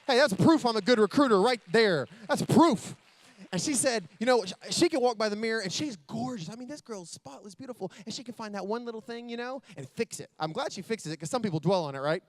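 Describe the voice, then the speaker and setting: A man giving a motivational keynote at a business convention, telling stories that build to loud excitement. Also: very high-pitched, brisk. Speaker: motivational speaker. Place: convention stage.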